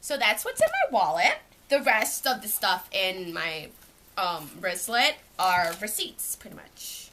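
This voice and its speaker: A woman's voice: medium pitch, sing-song, measured pace, sharp tone, slight background noise. A young woman from Canada, chatting casually at home as she shows what is in her school bag, rambling with lots of "like.". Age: young adult. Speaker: vlogger. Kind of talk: casual show-and-tell vlog. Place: at home, indoors.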